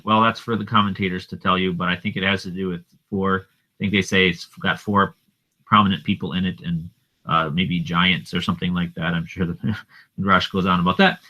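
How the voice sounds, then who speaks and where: A man walks through a Hebrew scripture passage word by word, pausing and restarting as he explains its grammar. His voice sits fairly low yet sounds strongly bright and sharp. He reads the verses slowly and deliberately. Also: poor audio. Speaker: Hebrew Bible teacher. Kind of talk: explaining grammar of a text line by line.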